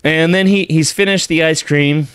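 A man casually telling a long joke, rambling and animated, addressing the listener directly. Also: fairly high pitch, normal speed, clear, resonant tone, dry recording. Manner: rambling, animated, many fillers and restarts.

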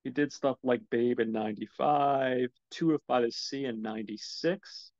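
A man hosts a casual film podcast on his own, reviewing movies in rambling solo talk full of ums, and he swears when his equipment misbehaves. His mid-range voice is a little slow and mellow, with no echo and a lo-fi sound.

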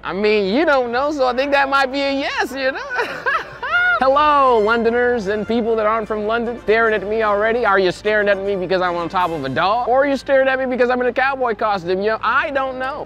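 A man's voice: very high voice, sing-song, fairly quick, pushed and bright. A man hosting comedic street interviews in a cowboy persona, playful and mock-indignant as he teases strangers. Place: busy outdoor city square.

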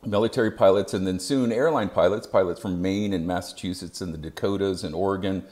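A man giving scripted narration as an EMS educator, with a measured, even delivery. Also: low voice.

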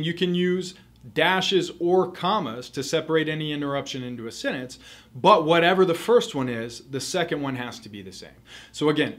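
Man explaining grammar in a higher voice. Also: fairly bright tone. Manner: methodical, repeats key points for emphasis. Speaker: test prep tutor. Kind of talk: recorded grammar lesson.

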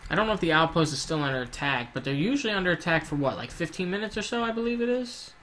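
A man's voice: a little high, lively intonation, quick pace, bright, forceful tone, slight background noise. A man giving casual, rambling gameplay commentary, swearing often and drifting into rants. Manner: rambling, profane, ranting. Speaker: gaming YouTuber.

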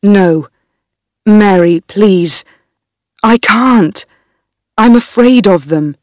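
A woman's voice: mid-range voice, expressive, drawn-out words, no echo. A woman voicing a frightened young man who pleads and stammers in fear. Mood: fearful pleading. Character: frightened weak young man, a queen's husband.

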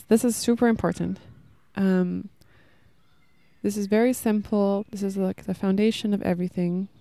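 The voice is mid-range, gravelly and dark, with no echo. It belongs to a podcast host in her thirties who rambles casually and earnestly about love and self-worth, using many fillers, in a casual spiritual talk recorded in a park as children play nearby.

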